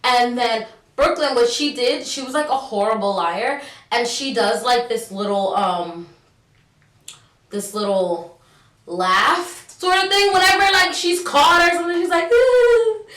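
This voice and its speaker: A young woman from New York recounts a story vlog-style, slangy and animated, playing out the conversation. She speaks on the high side at a measured pace, and the mic sits back in a roomy room.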